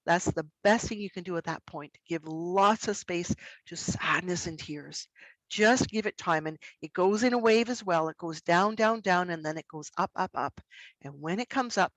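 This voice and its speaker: A middle-aged woman presenting a workshop for educators in an expressive way, acting out examples in her voice. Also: on the low side, normal speed, dry recording, poor audio. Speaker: workshop presenter on student behaviour. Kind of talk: educational webinar talk.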